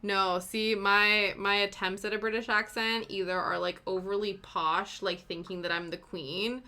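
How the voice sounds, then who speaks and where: A woman's voice: medium pitch, flat delivery, normal speed, pushed and bright. A young woman, chatting casually with viewers while she stitches and sometimes counting stitches under her breath. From Canada. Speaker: cross-stitch streamer.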